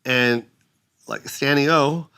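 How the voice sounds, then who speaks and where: A man telling a long story in casual podcast talk, animated, acting out quoted people in raised voices, with fillers, restarts and frequent "right?" checks. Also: mid-range voice, slow pace, creaky, a little hiss or hum. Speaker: comedian guest telling a story.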